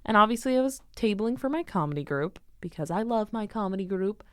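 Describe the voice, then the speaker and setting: Young woman, podcast co-host, casual storytelling, smooth clear voice, dry close sound. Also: medium pitch, fairly quick, no echo. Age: young adult. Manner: animated storytelling, acting out quoted dialogue. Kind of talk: casual chat.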